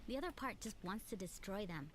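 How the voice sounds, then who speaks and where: A woman's voice: mid-range voice, lively intonation, brisk, close to an everyday voice. An actress voicing a hard-nosed female survivor in a zombie video game, matter-of-fact and weary. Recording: game audio with clear ambient noise.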